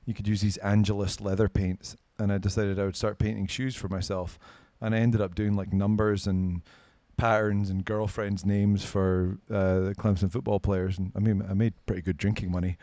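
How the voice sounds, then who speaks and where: Scottish man, thirties, laid-back guest storyteller, low pitch, dry mic. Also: little pitch movement, moderate pace, few pauses, warm tone, no room sound. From Scotland. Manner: swearing, laughing, self-mocking. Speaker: podcast guest. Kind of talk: casual storytelling.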